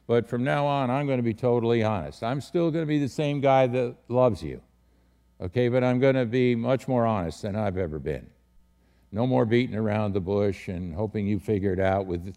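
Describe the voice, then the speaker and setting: Pastor guy, gravelly voice, quizzing a small group, keeps repeating his points. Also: mid-range voice, mellow. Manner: direct, questioning, repeats key words. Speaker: pastor leading a leadership training. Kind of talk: teaching talk to a small group.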